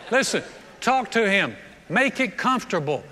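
A man preaching a sermon as a pastor, animated, repeating words and acting out prayers. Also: high-pitched, normal speed, long reverb tail, a little hiss or hum.

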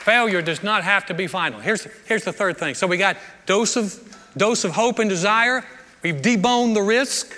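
A male pastor delivers a sermon in a high, bright voice, speaking conversationally and often doubling back to repeat his words. He is recorded in a large church sanctuary, where a long reverb trails after his lines. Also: normal speed, a faint crowd, slight background noise. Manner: conversational preaching with frequent word repeats.

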